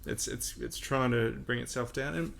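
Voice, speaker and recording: Gravelly-voiced man chatting. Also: mid-range voice, moderate pace. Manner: relaxed, laughs often, explains with examples. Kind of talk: casual conversation.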